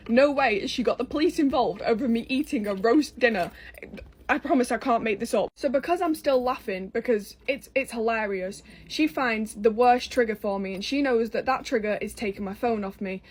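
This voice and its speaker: An English woman in her twenties with a fairly high voice spins a personal story straight to camera. She talks bluntly and swears freely, sounding exasperated and amused at once. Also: brisk, slightly rough. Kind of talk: casual storytime monologue.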